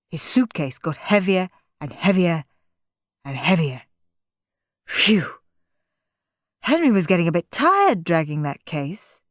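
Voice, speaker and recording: Expressive, slow-reading woman storyteller. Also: on the low side, no room sound, clean studio sound. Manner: expressive, playful. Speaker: audiobook narrator. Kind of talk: storybook narration.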